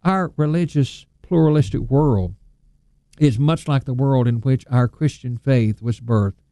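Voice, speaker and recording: A man preaching a sermon, measured and emphatic, slowing down to stress scripture quotes. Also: medium pitch, warm tone, dry recording.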